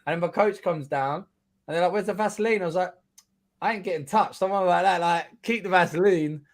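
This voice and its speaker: A man's voice: high-pitched, brisk. A man in his thirties with a London accent, telling his story in a casual interview, blunt and swearing freely as he acts out what people said. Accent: London English. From England. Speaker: guest fighter.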